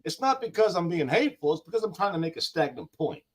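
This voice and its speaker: A man's voice: fairly high pitch, big pitch swings, fast. A man as a talk show guest, speaking bluntly and emphatically with profanity. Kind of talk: casual talk show banter.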